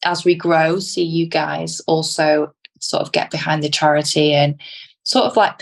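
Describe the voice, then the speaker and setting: A young British woman co-hosting a podcast, talking casually, laughing often and using British slang. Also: sits low. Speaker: podcast co-host. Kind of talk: casual chat.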